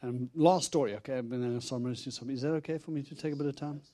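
Itinerant preacher, male, mellow tone, animated storyteller voicing his own quotes. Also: medium pitch, rapid-fire. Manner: animated storyteller, acts out quotes, laughs often. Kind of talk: storytelling sermon.

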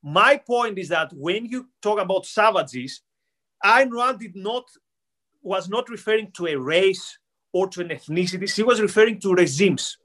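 A man's voice: high-pitched, animated, normal speed, fairly bright tone. A man co-hosting a political podcast, explaining history insistently with hesitant fillers. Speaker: podcast co-host. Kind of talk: casual political debate.

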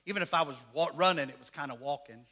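A male pastor preaching a sermon, shouting out lines, calling for amens, and telling stories in folksy slang. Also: fairly high pitch, fast talker.

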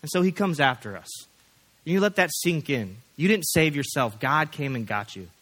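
Bright-voiced pastor preaching. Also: male voice, a little high, expressive, moderate pace. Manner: folksy, rambling, many fillers and restarts. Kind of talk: sermon with casual storytelling.

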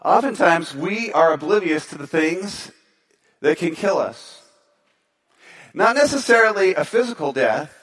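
Animated storytelling male pastor. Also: fairly high pitch. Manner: storytelling, animated, then softer in prayer. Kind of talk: sermon.

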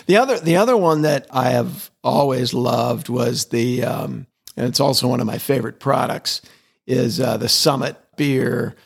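A middle-aged man with a mid-range, gravelly voice tells stories as an interview guest. He talks with eager energy, often repeating words as he restarts his sentences. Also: mid-range voice, moderate pace. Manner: enthusiastic storyteller, repeats words as he restarts, chuckles. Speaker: interview guest, advertising executive. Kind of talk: conversational interview.

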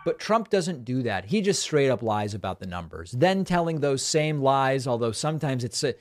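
A male podcast host talks through the news with dry, cutting sarcasm. His pitch sits in the middle range, and he speaks in a steady commentary style. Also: normal speed. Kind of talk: political commentary.

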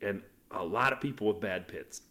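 A man's voice: on the low side, normal speed, bright, forceful tone. A man co-hosting a podcast, chatting casually through a race recap and jumping from moment to moment. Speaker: podcast co-host.

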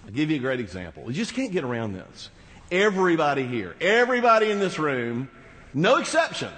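High-voiced preacher in a reverberant hall. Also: male voice, sing-song, fairly quick, a bit bright. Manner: conversational, rhetorical asides. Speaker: pastor. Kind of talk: sermon. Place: large church hall.

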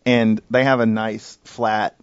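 A man's voice: on the low side, flat delivery, slow, clean tone, no room sound, muffled recording. A middle-aged man co-hosting a casual chat, easygoing and self-deprecating.

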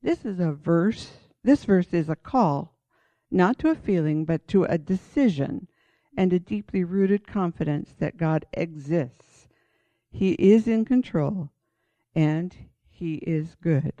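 A woman's voice: fairly low pitch, animated, slow, dark tone, dry recording. A woman teaching from the Bible in a sermon style, reading passages aloud and urging listeners on with earnest emphasis. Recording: dull lo-fi dry recording.

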